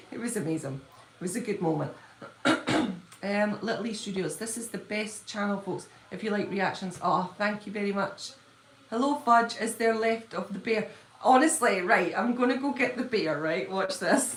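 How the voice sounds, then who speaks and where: A woman chatting on a home live stream, bubbly and quick to gush and laugh. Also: mid-range voice, a little hiss or hum. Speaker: livestreaming fan-channel host. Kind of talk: casual live-stream chat. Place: at home, indoors. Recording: echoey room.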